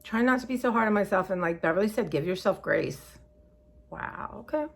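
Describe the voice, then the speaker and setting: A fast-talking woman with an expressive, medium-pitched voice rambles casually to her vlog viewers. She is scattered and chatty, sounds worn out and emotional, and uses "y'all" often.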